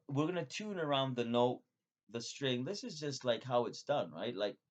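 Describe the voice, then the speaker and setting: A man talks straight at the camera in a loose, swearing monologue, wandering from topic to topic. His voice sits at an ordinary middle pitch but leaps up in sudden excited bursts before dropping back to a mutter. The sound is dull and muffled, like a cheap home recording. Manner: profane, digressive, with sudden excited jumps in pitch and loudness. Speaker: vlogger. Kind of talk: rambling casual monologue.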